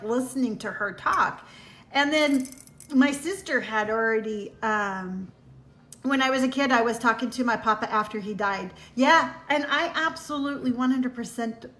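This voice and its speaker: A woman's voice: fairly high pitch, a bit bright. A middle-aged woman hosting a casual livestream, telling personal stories in a heartfelt, meandering way and thanking viewers as she reads their comments. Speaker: livestream host. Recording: echoey room.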